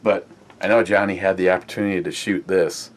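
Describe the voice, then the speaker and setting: A man's voice: low-pitched, little pitch movement, brisk. A man hosting a casual beer review chat, rambling and swearing, full of uh fillers. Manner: rambling, profane, many uh fillers. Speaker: beer review podcast host.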